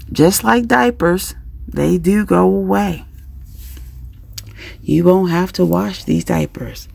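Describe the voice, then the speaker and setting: A woman with a heavily gravelly, husky voice talks through parenting tips on her vlog. She speaks slowly but swings her pitch up and down a lot, acting out scenes and giving pep talks. The sound is close and dry. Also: no echo. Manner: lively and chatty, acts out scenes and gives pep-talk tips. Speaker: parenting vlogger. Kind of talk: casual parenting advice vlog.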